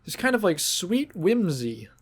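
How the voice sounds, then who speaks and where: A man hosting a podcast, talking in a halting, sentimental way and fighting back tears. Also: high-pitched, sing-song, breathy edge. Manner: halting, sentimental, restarts often. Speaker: podcast host. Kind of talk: casual podcast monologue.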